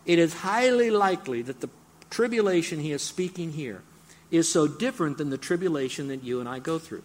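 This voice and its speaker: An older man preaching a sermon, animated, jumping up high and loud when excited and dropping low and quiet to teach. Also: a little fast. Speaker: pastor.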